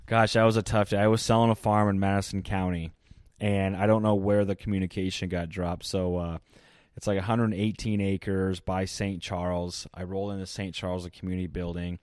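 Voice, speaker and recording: A man's voice: low-pitched, little pitch movement, brisk, a little mellow, smooth, no echo, studio quality. A man with a Midwestern American accent, a podcast guest telling stories in an easygoing way and laughing as he goes. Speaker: podcast guest, land sales manager. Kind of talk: casual storytelling chat.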